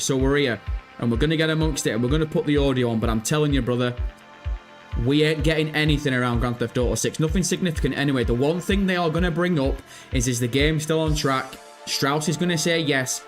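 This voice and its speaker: Man, livestream host, slangy hyped banter, highish voice, music behind. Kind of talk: casual live stream chat.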